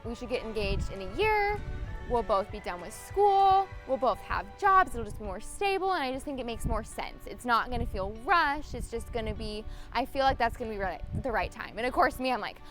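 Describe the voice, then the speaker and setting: A woman's voice: fairly high pitch, very animated, normal speed, fairly bright tone, soft background music. A young woman, a bride-to-be, talking in a wedding video interview, bubbly and giggly with lots of filler words. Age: young adult.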